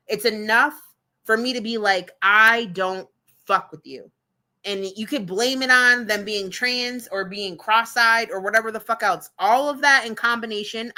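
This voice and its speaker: A woman livestreamer talks bluntly and swears freely, circling her points with fillers. Her voice is bright and forward. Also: medium pitch. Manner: blunt, profane, rambling with fillers. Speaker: streamer reacting to clips. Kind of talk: casual livestream commentary.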